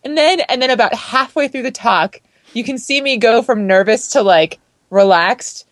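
热情健谈的女播客主持人，声音干燥贴近. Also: female voice, fairly high pitch, normal speed, dry recording. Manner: animated, laughs often, acts out quoted voices. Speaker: podcast co-host. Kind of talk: casual chat.

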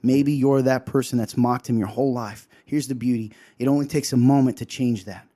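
A man's voice: mid-range voice, steady tone, a little fast, mellow. A man co-hosting a show, giving an emotional sermon-style talk, earnestly acting out quotes and often asking "right?". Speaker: co-host sharing a devotional.

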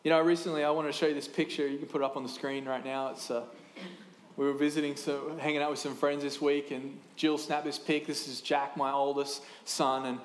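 A man in his thirties preaching a sermon in a lively, conversational way, with quick asides and restarts. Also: on the high side, roomy sound. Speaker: pastor.

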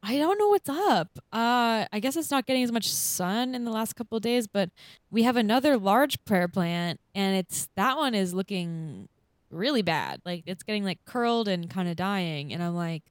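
A woman's voice: medium pitch, lively intonation, normal speed, dry recording, clean studio sound. A young woman co-hosting a podcast, chatty and upbeat, often laughing and explaining things at length. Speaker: podcast co-host. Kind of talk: casual chat.

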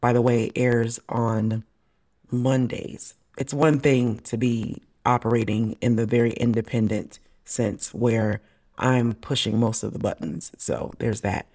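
A woman hosting a podcast in animated, playful casual chat, laughing often. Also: a bass voice, measured pace. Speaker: podcast host.

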